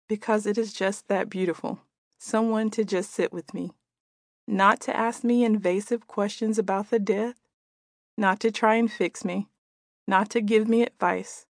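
A woman in her forties, the author, reading her own audiobook aloud in a gentle, reflective way. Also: mid-range voice, dry recording, clean studio sound. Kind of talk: audiobook narration.

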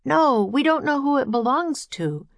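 A woman's voice: sits high, big pitch swings, moderate pace, creaky, dry recording, voice pushed up, exaggerated voice. A woman voicing a sensible eight-year-old boy who sounds dry and exasperated. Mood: skeptical.

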